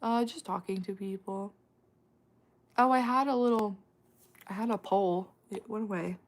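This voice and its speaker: A woman streamer at a mid pitch in loose, chatty talk with her viewers. She speaks slowly and unhurried, with frequent laughs and quick asides. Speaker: livestream host answering chat. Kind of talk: casual livestream chat.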